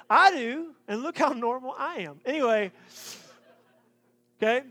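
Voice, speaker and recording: A man preaching a sermon, joking and lively in his asides. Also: extremely high pitch, a little slow. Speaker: pastor.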